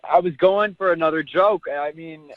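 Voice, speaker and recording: A man's voice: on the high side, moderate pace, crowd noise. Defensive man on a muffled phone line. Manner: defensive, sheepish. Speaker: caller.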